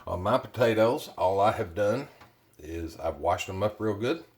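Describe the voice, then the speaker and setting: Deep-voiced man hosting a cooking video. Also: animated, normal speed, a little mellow. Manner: chatty, plainspoken, with frequent fillers. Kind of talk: casual cooking demonstration.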